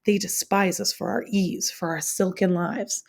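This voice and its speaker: A woman reading as a proud, calm young woman. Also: mid-range voice, creaky. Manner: calm, dignified, measured.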